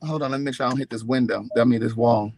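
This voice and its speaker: A middle-aged man vlogging, telling a story with lots of swearing and acting out what each person said, his loudness swinging widely. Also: mid-range voice, racing, slight background noise, low-quality recording. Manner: expressive, profane, acts out quotes with big swings in loudness. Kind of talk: animated storytelling to camera.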